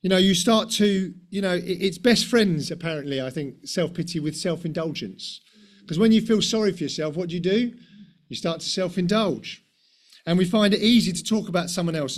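Preaching at a normal speed, this middle-aged-sounding man keeps his sermon conversational, his voice high and light. Rhetorical questions and tag questions come often, along with the occasional self-deprecating remark.

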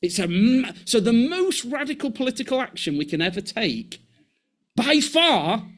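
Male preacher, high voice that swings widely, animated, acts out voices, restarts phrases. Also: moderate pace. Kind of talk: sermon.

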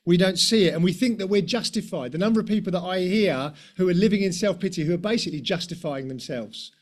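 A man's voice: sits high, fast talker. A middle-aged man preaching a conversational sermon, posing rhetorical questions and tag questions, with the odd self-deprecating aside.

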